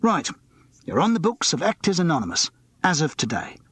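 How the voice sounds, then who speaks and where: A man doing a chirpy, brisk theatrical agent. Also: fairly high pitch, wildly swooping pitch, a bit bright, husky, dry recording, pitched above the performer's own voice, full character voice.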